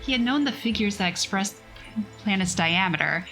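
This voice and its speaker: A woman's voice: medium pitch, expressive, normal speed, sharp tone, faint music behind, rough recording. A woman reading a science fiction story aloud on a casual livestream, breaking off for chatty, self-mocking asides.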